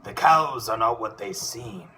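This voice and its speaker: A man voicing a theatrical, boastful male superhero duck who booms dramatic declarations. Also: expressive, measured pace, bright, forceful tone, slight background noise. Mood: grandiose.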